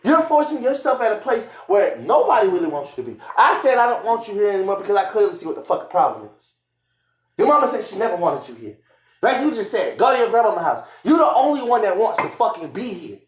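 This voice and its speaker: A young man arguing angrily and profanely with his partner on a live stream, repeating himself and shouting. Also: sits high, very animated, fast talker. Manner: angry, profane, repetitive shouting. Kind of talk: heated argument on a live stream. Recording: echoey room.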